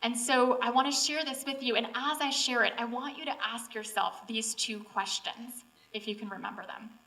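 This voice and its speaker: Earnest young woman, bright voice, distant mic. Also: fairly high pitch, moderate pace. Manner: earnest, emotional, tearful at times. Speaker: seminar speaker. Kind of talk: inspirational talk to students. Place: auditorium or classroom. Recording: distant mic with mains hum.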